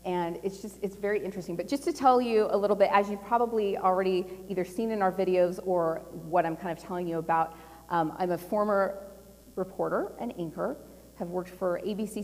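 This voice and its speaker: A woman's voice: lowish voice, moderate pace. Chatty woman speaking in an echoing hall. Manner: chatty and animated, laughing often, with lots of fillers. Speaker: conference speaker. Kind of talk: casual personal storytelling talk. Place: large conference hall. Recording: long hall reverb.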